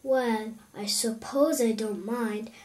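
Woman doing a storybook giant, grumpy, hungry, blustery, fairly high, slow. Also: fairly even intonation, darkish tone. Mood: grumbling.

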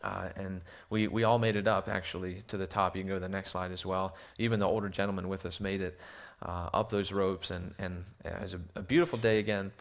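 A man's voice: low-pitched, level tone, fairly quick, vocal fry, few pauses. A man preaching a sermon in a church with slides. He often repeats words as he restarts and asks the audience rhetorical questions. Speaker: missionary preacher.

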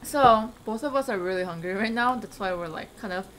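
A woman's voice: medium pitch, a little fast, fairly bright tone, a little hiss or hum. A young woman hosting a casual food video, chatting and explaining the dish with frequent laughs. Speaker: host. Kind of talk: casual chat.

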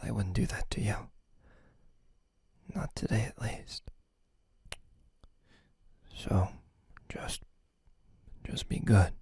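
A man voicing a teasing, possessive young gamer boyfriend in a whispered role-play, talking softly right at the ear on a close mic. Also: fairly low pitch, fairly even intonation, slow, creaky, long pauses, breathy edge, dry recording, full character voice. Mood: tender. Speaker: voice actor. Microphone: close mic by the listener's ear.

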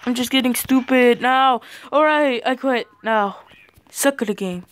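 A teenage boy giving casual commentary over a shooter game. He yelps and shouts at the game, his voice cracks when he yells, and he stumbles over fillers when he talks to his viewers. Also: very high voice, a little slow. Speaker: gaming channel host. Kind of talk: gameplay commentary.

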